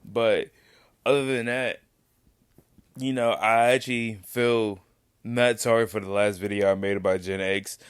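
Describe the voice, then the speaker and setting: A man's voice: fairly low pitch, steady tone, a little slow, long pauses, clean tone, dry recording, studio quality. A young man with hiccups, rambling loosely through casual reaction commentary on his vlog. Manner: rambling, loose, self-interrupting. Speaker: reaction vlogger.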